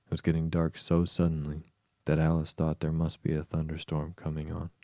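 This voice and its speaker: A man narrating a bedtime story in a calm, even, soothing reading. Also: a bass voice, fairly quick, dry recording, clean studio sound.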